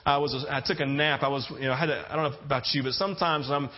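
A man's voice: medium pitch, steady tone, rapid-fire. A man preaching a sermon as a pastor, telling stories in a conversational way and often checking in with "right?". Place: church sanctuary with congregation. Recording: dull lo-fi sound.

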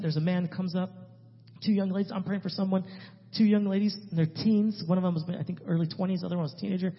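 A man, a missionary speaking to a church, telling a story in an emphatic way that swings between loud and hushed. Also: high-pitched. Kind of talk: animated testimony storytelling. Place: church sanctuary. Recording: reverberant hall, dull lo-fi sound.

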